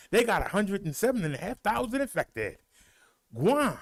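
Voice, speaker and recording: A middle-aged man and show host, out of breath, reading out the day's figures in a folksy, animated way. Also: high-pitched, moderate pace. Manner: animated, rolls his R's, folksy drawl. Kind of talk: casual livestream talk, reading daily stats.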